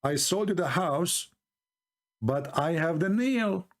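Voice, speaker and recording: A man's voice: a little high, expressive, slow pace. A man voicing Juha, a crafty male folk trickster, who insists slyly on his rights. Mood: insistent.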